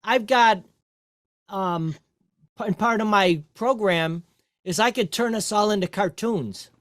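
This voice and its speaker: A man's voice: sits high, measured pace, a bit bright, no room sound, clean studio sound. A man who runs the sound board, chatting in a matter-of-fact, technical way. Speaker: show producer running the sound board. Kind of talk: casual chat.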